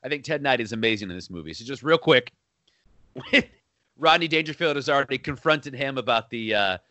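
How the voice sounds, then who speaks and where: A man's voice: mid-range voice, expressive, a little fast, bright, forceful tone, dry recording. A man co-hosting a casual movie chat, enthusiastic and laughing often as he recounts favorite lines. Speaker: podcast co-host.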